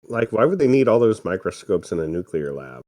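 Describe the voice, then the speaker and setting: A man with a low voice and an animated, swooping delivery jokes his way through an old movie on a podcast. His rambling deadpan asides are full of fillers, and the sound is dry and close. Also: brisk, no room sound. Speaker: podcast co-host. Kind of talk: casual movie riffing commentary.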